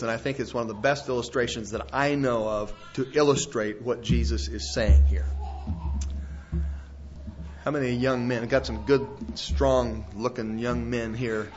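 A male pastor preaching a sermon in a folksy, emphatic storytelling manner to a congregation in a church. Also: mid-range voice. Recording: dull lo-fi sermon recording.

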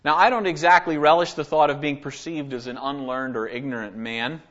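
A man's voice: fairly high pitch, fairly even intonation, brisk, a bit bright, highs cut off. A man giving an earnest, conversational Bible study sermon, reading verses aloud and explaining them. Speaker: Bible teacher.

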